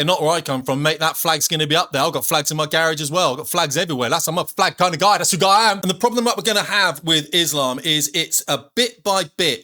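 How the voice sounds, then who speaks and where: Man, blunt commentary host, quick delivery, bright forceful tone, soft music underneath. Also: a little high. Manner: blunt, colloquial, says "mate". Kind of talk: opinionated video commentary.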